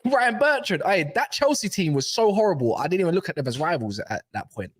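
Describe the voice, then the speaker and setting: A man with a slight cough co-hosting a football podcast, chatting in animated, slangy banter and laughing often. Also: high-pitched, a little fast. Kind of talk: casual banter.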